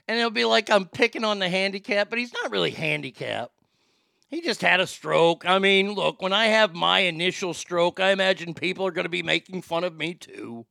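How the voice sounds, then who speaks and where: A man hosting a podcast in a loud, mocking, casual comedic style, laughing at his own jokes. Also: high voice, animated, fairly quick, gravelly, no echo, clean studio sound. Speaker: podcast host.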